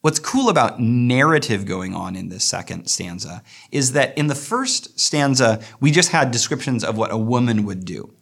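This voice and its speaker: A man teaching a poetry lesson, explaining verse and slowing down to read lines aloud thoughtfully. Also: medium pitch, a bit bright. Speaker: literature teacher.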